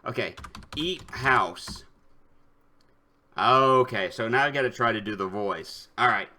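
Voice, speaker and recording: A man's voice: medium pitch, slow, bright, forceful tone. A man streaming a retro game, casually commenting, joking, and reading the game's text aloud. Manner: playful, joking asides, typing commands aloud.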